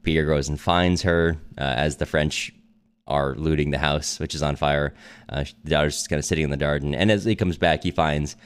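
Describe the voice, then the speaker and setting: Man, very low voice, podcast co-host, casual book chat, chatty, lots of fillers. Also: steady tone, moderate pace, clear, resonant tone. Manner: chatty summarizing with fillers and frequent laughs.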